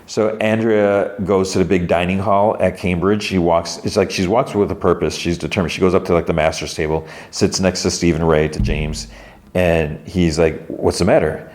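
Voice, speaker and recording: A man's voice: low voice, steady tone, moderate pace, a little mellow. A man hosting a podcast, casually retelling a TV episode scene by scene and acting out bits of dialogue. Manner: retells scenes loosely, acting out characters' lines. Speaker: podcast host.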